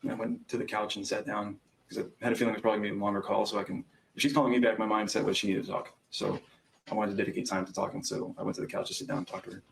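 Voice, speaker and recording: Young male witness on the stand, gravelly low voice, hesitant recounting. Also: level tone, racing, a little hiss or hum, rough recording. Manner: hesitant, recounting events with frequent ums. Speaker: trial witness. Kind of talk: courtroom testimony.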